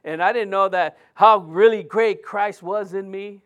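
A middle-aged man preaching a sermon, telling a personal story in a lively way with many restarts and fillers. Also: sits high, measured pace.

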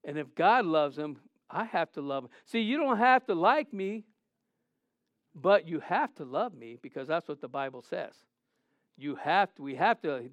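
A male pastor preaching a sermon, telling personal stories with animated delivery and acted-out quotes. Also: high-pitched, no echo, highs cut off. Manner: animated preaching, storytelling, acts out quoted voices.

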